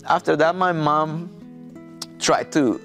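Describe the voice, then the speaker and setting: Mexican man, halting accented English. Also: fairly high pitch, a bit bright, soft background music. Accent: Mexican Spanish. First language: Spanish. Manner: halting non-native English with many restarts and fillers. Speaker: pastor. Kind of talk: personal testimony interview.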